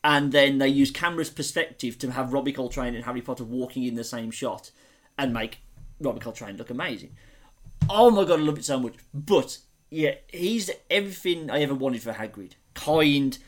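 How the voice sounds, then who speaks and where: A man's voice: mid-range voice, moderate pace. A man co-hosting a casual chat, talking with gushing enthusiasm. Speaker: podcast co-host.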